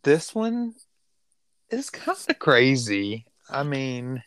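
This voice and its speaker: Brief: podcast co-host, unhurried delivery, smooth clear voice, dry room. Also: medium pitch, sing-song, fairly bright tone, dry recording. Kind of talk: casual podcast chat.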